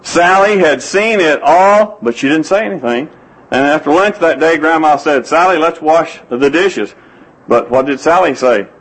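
A man's voice: fairly high pitch, normal speed, fairly bright tone, slightly rough, low-quality recording. A man preaching a sermon, telling folksy stories and quoting scripture. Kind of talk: sermon with anecdotes.

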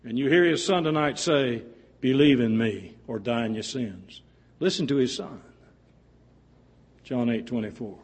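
A husky-voiced man delivering a sermon in a church. His voice climbs high and forceful when he pleads, then sinks low and quiet as each phrase ends. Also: a little slow, pauses often. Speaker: preacher.

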